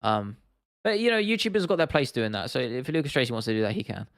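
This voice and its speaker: A man's voice: mid-range voice, sing-song, quick pace, no echo, studio quality. A young man from England hosting a casual livestream, reading out chat comments and rambling with frequent restarts and laughs. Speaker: livestream host.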